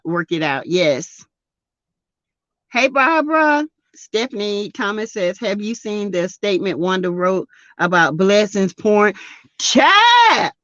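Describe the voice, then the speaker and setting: A woman's voice: no echo, muffled recording. Laughing Southern woman live-streamer. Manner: laughs often, loud high laughs, greets chatters by name. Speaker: YouTube live-stream host. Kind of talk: casual live-stream chat reading comments.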